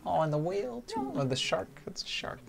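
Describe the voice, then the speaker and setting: A man acting as game master on a live tabletop game stream, talking in a lively way with laughing asides. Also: high voice, fairly quick, gravelly. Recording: loud background noise.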